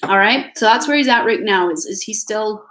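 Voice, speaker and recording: A woman's voice: medium pitch, normal speed, fairly bright tone, low-quality recording. A woman with a Canadian accent giving a live tarot reading at home, chatty and reassuring with many fillers and restarts. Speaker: tarot reader. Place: home with family noise nearby.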